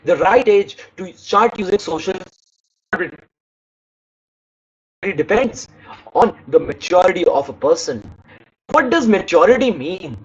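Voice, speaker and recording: A man's voice: high-pitched, expressive, a little slow, long pauses, breathy edge, dull audio. A man giving an online speaking lesson, demonstrating tones by reading lines aloud and stopping to correct himself. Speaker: English speaking teacher.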